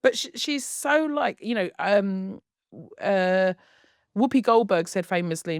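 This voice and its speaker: A woman's voice: mid-range voice, brisk, no room sound. Chatty woman, dry close mic. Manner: chatty, gushing, animated storytelling. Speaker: podcast co-host. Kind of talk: casual chat.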